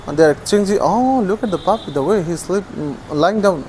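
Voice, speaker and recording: A person narrating a casual video while feeding stray dogs outdoors, talking to the dogs affectionately and calling out their names in high, coaxing calls. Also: animated, a little fast, hardly any pauses, darkish tone, a little hiss or hum. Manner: rises to high calls when summoning dogs.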